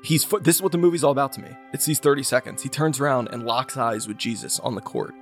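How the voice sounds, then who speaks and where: A man's voice: medium pitch, fast, soft background music. A man co-hosting a podcast, talking casually about a movie and retelling its scenes with energy. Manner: animated storyteller who acts out quoted lines. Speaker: podcast co-host. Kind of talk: casual film discussion.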